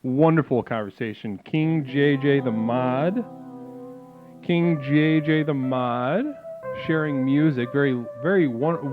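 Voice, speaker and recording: A man's voice: mid-range voice, slow pace. A man hosting a comedic new-age call-in stream, talking in a soothing spiritual-guru patter. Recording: phone-like lo-fi with faint music.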